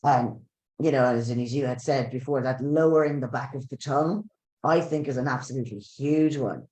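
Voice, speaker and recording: A man hosting a webinar, talking in halting, self-correcting bursts and repeating words. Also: mid-range voice, a little mellow. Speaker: webinar host. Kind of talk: casual chat. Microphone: video call. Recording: roomy echo on a call.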